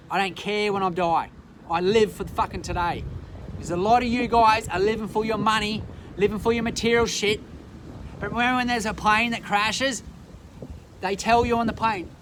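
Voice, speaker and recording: An Australian man talks straight into his phone in a raised, high voice, swearing hard and repeating himself for emphasis. The clip is recorded outdoors, with the drone of a boat motor and water clearly heard under his words. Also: slight background noise, poor audio. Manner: profane, forceful, repetitive. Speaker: social media vlogger. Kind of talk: impassioned direct-to-camera rant.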